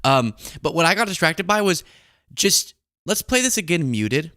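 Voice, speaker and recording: A man's voice: on the high side, normal speed, dry recording, studio quality. Sarcastic young man hosting commentary. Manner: sarcastic, animated. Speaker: commentary host. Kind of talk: political commentary.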